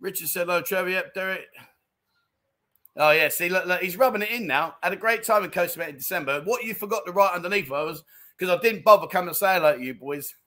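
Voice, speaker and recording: A man's voice: high voice, quick pace, bright, forceful tone. A man hosting a casual livestream, reading out viewer comments with jokey, self-mocking, chummy banter. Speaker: livestream host.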